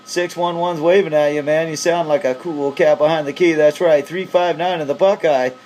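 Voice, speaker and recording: A man's voice: a little high, fairly even intonation, moderate pace, a little mellow, a little hiss or hum. Upbeat male CB radio operator. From Pacific Northwest of the US. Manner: upbeat, hyping the other station. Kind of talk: casual radio chat.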